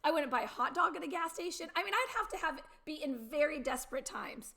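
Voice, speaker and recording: High, gravelly-voiced woman host. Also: expressive, bright, forceful tone. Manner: chatty and giggly, quick to laugh. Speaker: morning show host. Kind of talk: casual chat.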